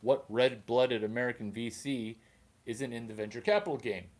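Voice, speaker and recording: Man doing a deep pompous incubator boss. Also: normal speed, darkish tone, natural voice. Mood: boastful. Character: pompous middle-aged male incubator boss.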